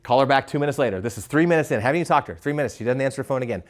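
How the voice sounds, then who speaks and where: A man giving a live leadership workshop, animated, asking the audience questions and stumbling over quick restarts. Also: medium pitch. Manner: animated, asks the crowd questions, stammers on restarts. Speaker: leadership speaker.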